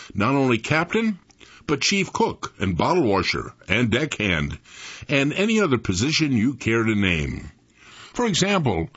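A man in his eighties reading his own memoir aloud in an expressive storytelling manner. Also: mid-range voice, slightly rough. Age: 80s. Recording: dull lo-fi recording.

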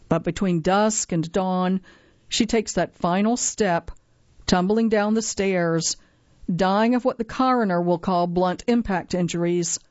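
A woman giving a scripted narration of a magazine article, reading in a measured way and slowing down for dramatic moments. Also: mid-range voice, a little mellow, no echo. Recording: dry, slightly dull lo-fi sound.

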